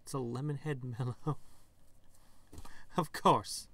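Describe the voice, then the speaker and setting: A man hosting a gaming video, reading the game's text aloud with animated delivery and wry asides. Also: medium pitch, extremely slow.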